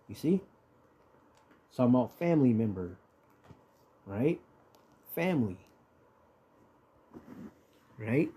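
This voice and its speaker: Husky, mellow Bible teacher man. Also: mid-range voice, sing-song, slow pace, long pauses. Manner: conversational, keeps checking in with "right?". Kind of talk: informal scripture teaching.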